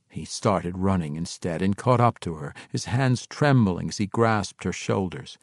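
A low-voiced male audiobook narrator reads scripted fantasy in a measured, even storytelling style. The recording is studio quality, with no room sound.

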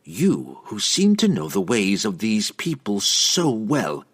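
A man voicing a cold, scheming female dark elf priestess in an audiobook, speaking in a sarcastic, commanding way. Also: fairly low pitch, wildly swooping pitch, measured pace, slightly rough, full character voice.

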